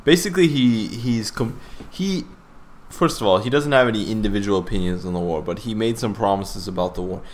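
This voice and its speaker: A man's voice: lowish voice, brisk, slight background noise. A man co-hosting a casual podcast chat, blunt and joking, with some swearing. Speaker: podcast co-host.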